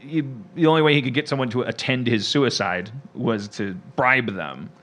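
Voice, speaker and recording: A man's voice: medium pitch, normal speed, fairly bright tone. A man hosting a comedy podcast, chatting loosely, rambling with frequent restarts and laughter. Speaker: podcast host. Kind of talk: casual comedic chat.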